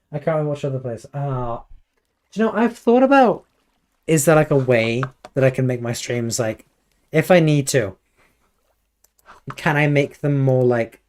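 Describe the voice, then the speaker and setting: Mellow, slightly hoarse British man streaming. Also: mid-range voice. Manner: rambling, playful, chatty asides. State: a little hoarse. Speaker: livestreamer. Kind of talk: casual chat while gaming, answering live chat.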